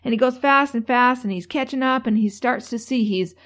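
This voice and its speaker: Slightly high-pitched and fairly quick, a woman delivers a motivational talk built on stories. She's chatty, with plenty of fillers and restarts, and becomes animated while recounting them.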